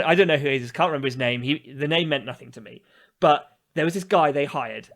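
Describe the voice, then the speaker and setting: A man co-hosting a podcast, telling a story with animated, mocking exasperation in casual chat. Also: fairly high pitch. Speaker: podcast co-host.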